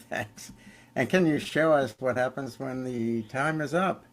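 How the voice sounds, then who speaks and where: A man's voice: mid-range voice, takes it slowly. A man chairing an online recovery meeting, giving friendly, informal instructions and calling on speakers over a video call.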